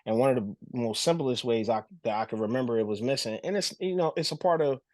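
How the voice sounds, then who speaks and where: A man from New Jersey, a podcast guest telling stories in casual talk, animated and full of restarts. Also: mid-range voice, fast, no room sound. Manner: animated storyteller, acts out voices, frequent restarts. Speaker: podcast guest, former pro basketball showman.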